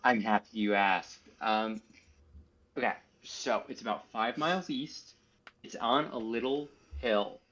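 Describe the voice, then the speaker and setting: A man's voice: on the low side, unhurried, fairly bright tone, highs cut off. A man playing in a tabletop game, talking in a rambling, hesitant way. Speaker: player. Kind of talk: casual tabletop play.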